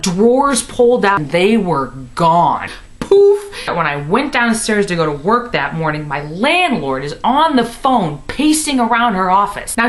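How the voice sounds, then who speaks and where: A woman in her twenties from Missouri, telling a comic story to the camera in her apartment, bubbly and animated, full of "like". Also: on the low side. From Missouri, USA. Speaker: comedy vlogger. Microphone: camera in her room.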